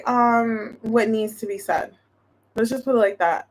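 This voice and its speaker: Chatty woman tarot reader, higher-pitched, rambling casual delivery. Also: measured pace. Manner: chatty, thinks aloud, many restarts and fillers. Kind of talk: casual tarot reading to viewers.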